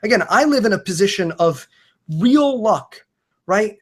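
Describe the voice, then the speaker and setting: A man's voice: sits high, expressive, measured pace. A man, a podcaster and comedian, talking earnestly and emphatically in a casual video-call conversation, swearing freely and often restarting his sentences.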